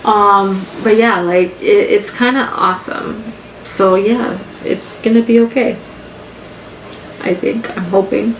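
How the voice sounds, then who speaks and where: A woman's voice: mid-range voice, steady tone, takes it slowly. A woman hosting a personal podcast from her living room, talking candidly in a rambling way and often repeating herself. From Canada. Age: adult with grown children. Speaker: podcast host. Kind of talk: casual personal podcast monologue. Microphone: home podcast mic setup. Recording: echoey room with faint background hum.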